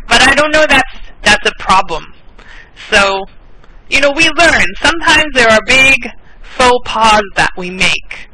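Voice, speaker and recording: Slow, patient American woman tutor. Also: a little high. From United States. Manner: patient, repeats words slowly, laughs often. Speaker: English tutor. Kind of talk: online English class. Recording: steady background noise with clicks.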